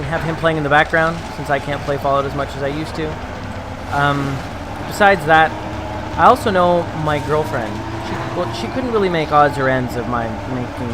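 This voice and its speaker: A man's voice: on the high side, background noise. A young man chatting casually to his viewers on a desk mic, rambling with fillers and laughing. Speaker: video creator. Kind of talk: casual vlog talk to viewers. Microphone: desk condenser mic on a boom with pop filter.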